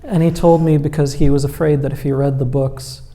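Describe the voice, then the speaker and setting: A man's voice: fairly high pitch, steady tone, brisk, warm tone. A man, telling wry stories with many "like" and "you know" as a guest author on stage. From Egypt. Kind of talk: conversational storytelling on stage.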